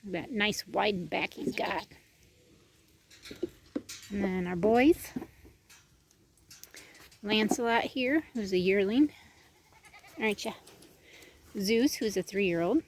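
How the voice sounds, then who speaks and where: A woman's voice: slow, pauses often, slight background noise. A woman giving a casual walking tour of her homestead outdoors, chatting and cooing to her animals. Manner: chatty, coos to animals in a higher voice. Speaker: homestead vlogger. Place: outdoors on a farm.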